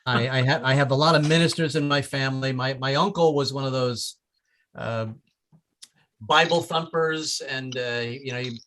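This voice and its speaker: Bright-voiced stammering stand-up comedian. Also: male voice, medium pitch, steady tone, moderate pace. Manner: stammering, repeats words, does shouted voices for relatives. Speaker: open mic comedian. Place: small comedy club with audience.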